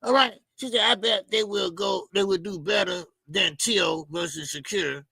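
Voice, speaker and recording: A man hosting a boxing talk show, ranting in loud, emphatic, mocking casual commentary with plenty of swearing. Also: sits high, normal speed, creaky, breathy edge, dry recording.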